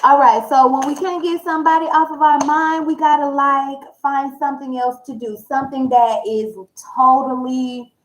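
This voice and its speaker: A woman tarot reader speaking in a frank, animated, colloquial way, confiding in her viewers directly. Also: high voice, normal speed, hardly any pauses, low-quality recording. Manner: confiding, addresses listeners directly. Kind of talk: casual personal talk to viewers.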